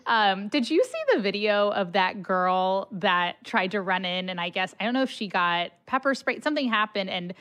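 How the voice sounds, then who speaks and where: A woman's voice: mid-range voice, normal speed, hardly any pauses. A woman hosting a podcast, chatting casually and telling stories with lots of laughter. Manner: chatty, laughing, animated storytelling. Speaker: podcast host.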